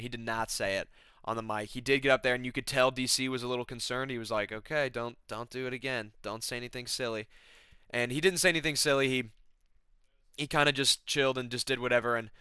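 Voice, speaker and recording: A young man giving a casual fight recap, excited and sarcastic, full of fillers and repeated words. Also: a little high, clear, resonant tone, dry recording. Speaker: MMA recap host.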